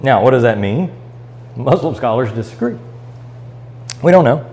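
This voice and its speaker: A man's voice: mid-range voice, animated, normal speed, warm tone, a little hiss or hum, rough recording. Man teaching a church Bible study. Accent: American Midwestern. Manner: reads scripture aloud and explains it, with fillers and restarts. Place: church classroom.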